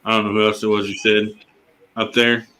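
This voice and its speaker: A man in his forties with a lowish voice chats as a fellow streamer. He talks in a loose, rambling, folksy way. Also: little pitch movement, brisk, pushed and bright, low-quality recording. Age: 40s. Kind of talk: casual chat.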